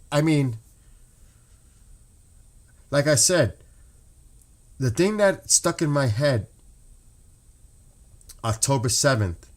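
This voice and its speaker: A man talking off the cuff to his livestream viewers, impassioned and openly emotional. He rambles, restarts his sentences and swears when upset. His voice sits at an ordinary middle pitch. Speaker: livestream host. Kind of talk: casual livestream commentary.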